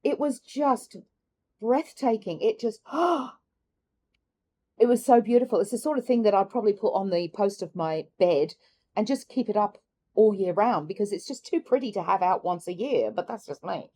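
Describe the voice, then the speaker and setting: A middle-aged woman chatting candidly in a personal vlog, musing aloud and laughing softly between thoughts. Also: medium pitch, normal speed. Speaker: carnivore diet vlogger. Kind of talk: reflective personal vlog chat.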